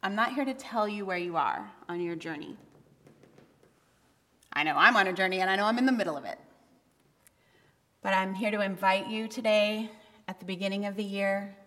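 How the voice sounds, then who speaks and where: Woman preaching with a bright voice in a hall. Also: mid-range voice. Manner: candid, conversational preaching with bursts of emphasis. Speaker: pastor. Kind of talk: sermon. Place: church sanctuary. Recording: long reverb of a church hall.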